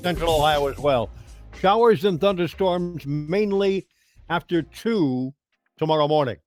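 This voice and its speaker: A man's voice: fairly high pitch, a little slow, soft background music. An older man hosting a talk radio show, chatting in a rambling way and asking and answering his own questions. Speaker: radio host.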